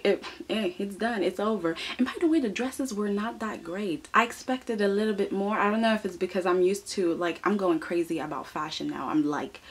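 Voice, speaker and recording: Sassy woman with a husky voice. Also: on the low side. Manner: sassy, animated, laughs often; frequent rhetorical "okay?". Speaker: soap opera reviewer. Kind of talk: casual commentary.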